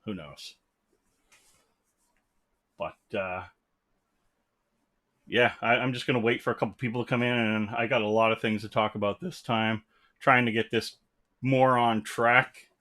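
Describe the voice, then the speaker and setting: A man's voice: lowish voice, fairly even intonation, a little slow, long pauses, sharp tone. A man hosting a live stream from his room, rambling casually and greeting viewers as they join. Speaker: livestream host. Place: home room. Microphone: desk mic.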